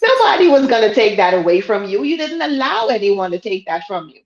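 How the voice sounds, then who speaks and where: Steady-talking woman, echoey lo-fi sound. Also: medium pitch, brisk. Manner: steady, explanatory, builds points step by step. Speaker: podcast co-host. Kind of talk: casual faith podcast chat.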